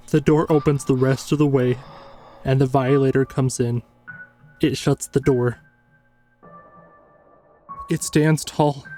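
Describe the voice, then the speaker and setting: A man's voice: medium pitch, mellow. Man narrating a tense horror tale. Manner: tense, measured first-person storytelling.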